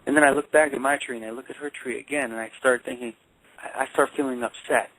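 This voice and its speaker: A man working as a life coach and counselor, telling a personal story in a phone interview with halting speech and frequent repeated words. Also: mid-range voice, fairly even intonation, sharp tone, no echo, rough recording.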